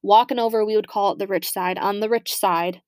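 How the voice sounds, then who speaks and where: A woman's voice: medium pitch, steady tone, brisk, dry recording. A young woman tells personal stories in a loose, chatty way. She is candid and swears without a second thought. Her voice sits close and dry, with no room around it. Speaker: podcast host. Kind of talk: personal storytelling, casual chat.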